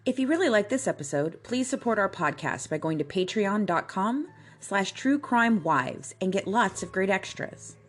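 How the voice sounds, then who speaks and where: A woman's voice: mid-range voice, expressive, moderate pace, few pauses. A woman reading a scripted podcast intro in an upbeat announcing manner. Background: faint music.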